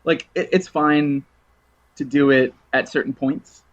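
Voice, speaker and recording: A man's voice: fairly high pitch, measured pace. Rambling, laughing man on a dull line. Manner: rambling storyteller, laughs often, lively retold quotes. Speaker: podcast guest. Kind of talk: casual chat.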